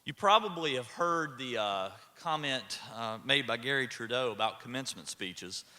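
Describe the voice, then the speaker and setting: Man, commencement speech, dry storytelling, bright voice, long hall reverb. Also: mid-range voice, lively intonation, moderate pace. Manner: folksy storytelling with dry humor. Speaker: commencement keynote speaker. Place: large ceremony hall. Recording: echoey hall.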